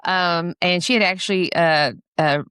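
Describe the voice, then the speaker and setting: A woman author chats on a podcast, spinning a story with lots of ums and asides. Her voice is smooth and clear, pitched a little low. The sound is dry and close. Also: measured pace, fairly bright tone, no echo. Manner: chatty storyteller with many fillers. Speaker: author guest. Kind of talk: casual podcast chat.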